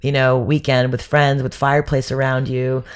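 A woman guest in a casual podcast conversation, telling stories in an animated way with many restarts. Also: rumbling low, moderate pace, clear, resonant tone.

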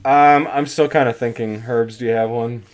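A podcast co-host in casual group chat, excitable and quick to exclaim. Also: mid-range voice.

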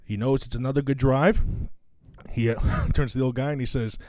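A man's voice: mid-range voice, steady tone, fairly quick, darkish tone, dry recording. A man co-hosting a casual podcast, telling long jokes and breaking into laughter at his own punchlines. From Midwest US. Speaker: podcast co-host.

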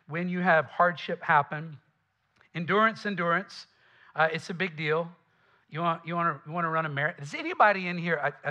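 A man with a Southern accent preaches to his congregation in a loose, conversational way, tossing asides to the room. His voice sits a little high and rings bright and forceful. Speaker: pastor. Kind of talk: sermon.

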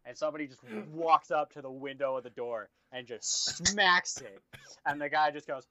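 A man's voice: a little high, normal speed, crowd noise. A young man co-hosting a casual podcast, blunt and swearing a lot. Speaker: podcast co-host. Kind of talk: casual chat. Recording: dull lo-fi sound.

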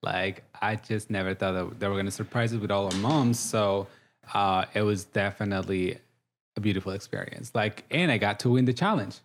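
Man in his thirties, guest, English, chatty, lowish voice. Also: brisk. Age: 30s. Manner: chatty and warm, with many "like" fillers. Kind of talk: casual interview.

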